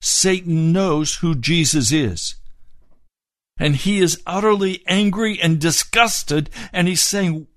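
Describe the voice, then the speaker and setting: A man's voice: fairly high pitch, slow, a bit bright, no room sound, studio quality. A man preaching a sermon, explaining scripture phrase by phrase. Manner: expository, explaining scripture word by word.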